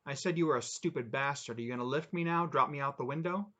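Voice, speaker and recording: A man's voice: a little high, fast talker, fairly bright tone. A resentful wife, bitter and pleading as she answers back, read aloud by a man in his everyday voice. There is little change from a plain reading voice. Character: resentful wife, tearful and defiant.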